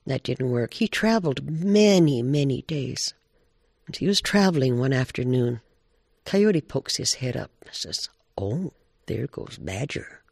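Expressive man telling a folk tale. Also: medium pitch, unhurried, creaky, no echo, clean studio sound. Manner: expressive, animated. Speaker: storyteller.

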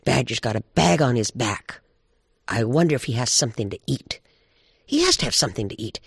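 A man's voice: mid-range voice, lively intonation, brisk, gravelly, fairly bright tone, slightly rough, no echo, heavily acted. Casting: wheedling trickster coyote, greedy and pushy, played by a man storyteller, dry close sound. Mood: scheming. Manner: wheedling, nagging. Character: sly hungry male coyote, pestering.

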